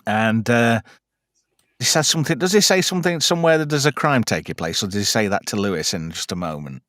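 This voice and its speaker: Man, podcast host, chatty, crude, animated, dry sound. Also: fairly low pitch, fairly quick, no echo. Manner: chatty, crude joking, lots of fillers. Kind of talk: casual film chat.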